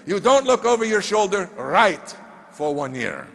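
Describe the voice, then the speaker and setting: A man's voice: high voice, big pitch swings, unhurried, creaky, a bit bright, exaggerated voice. A man voicing a small, insistent male mentor who drills questions in clipped, broken phrasing, heard in a reverberant hall. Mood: demanding.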